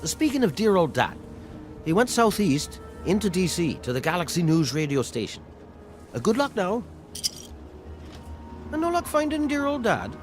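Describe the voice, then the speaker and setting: An actor with an Irish accent playing a sly, scheming male saloon owner in a video game, talking in a smooth, sardonic, wheedling way. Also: sits high, sing-song, normal speed, pauses often. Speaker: game character. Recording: game audio with music underneath.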